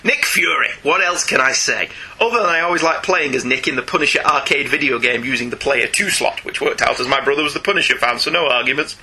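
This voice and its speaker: A man's voice: mid-range voice, fast, few pauses, pushed and bright, slightly rough. A man hosting a podcast, reading out listener emails in a chatty, jokey way. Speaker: podcast host.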